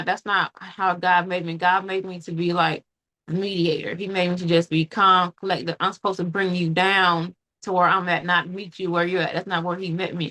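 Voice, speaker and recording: A woman hosting a casual podcast conversation, talking earnestly and reflectively in quick bursts. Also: fairly low pitch, sharp tone. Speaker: podcast host.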